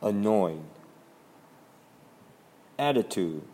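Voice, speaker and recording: Narrator reading stage directions, slow, lowish voice. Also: male voice, lively intonation, mellow. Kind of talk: reading a children's play script.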